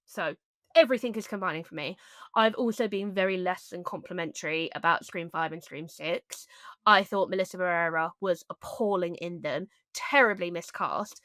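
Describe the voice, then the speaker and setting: Woman podcaster, sharp bright voice, blunt opinions, swears a lot, dry mic. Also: on the low side, a little fast, dry recording. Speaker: podcast co-host. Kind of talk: casual chat.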